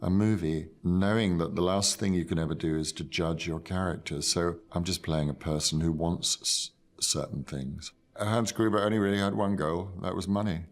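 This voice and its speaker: An older man, an actor, recalling a film role in a measured, thoughtful, self-deprecating interview. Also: low voice, fairly even intonation. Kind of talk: reflective interview.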